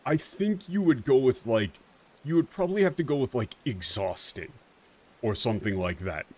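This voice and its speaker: A young male streamer chatting over his game in an animated, unscripted way. He swears freely and fills pauses with "like". His voice bounces lively between high and low. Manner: animated, profane, many fillers. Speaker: streamer explaining translations. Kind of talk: casual game commentary.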